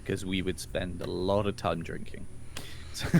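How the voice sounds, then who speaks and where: Chatty English man, low voice. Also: little pitch movement, normal speed, gravelly. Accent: standard southern English. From northern England. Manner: chatty, laughs often, swears casually. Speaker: podcast co-host. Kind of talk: casual chat.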